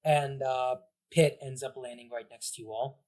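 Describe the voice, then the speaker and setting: A man's voice: medium pitch, steady tone, moderate pace, darkish tone. A man narrating as game master in a tabletop game, in a loose, casual way full of "like"s. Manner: casual, filler-heavy narration with many "like"s.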